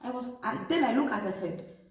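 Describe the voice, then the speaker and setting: A woman vlogger telling a personal story and giving relationship advice straight to her viewers, animated and talking to them as "ladies". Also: fairly high pitch, fast. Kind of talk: casual storytelling to camera. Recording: echoey room, distant from mic.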